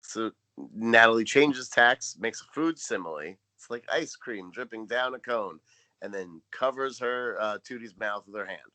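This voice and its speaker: Dry, crisp-voiced man podcaster. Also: medium pitch, moderate pace, no echo. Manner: dry, wry storytelling, deadpan jokes. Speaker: podcast co-host. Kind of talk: casual recap chat.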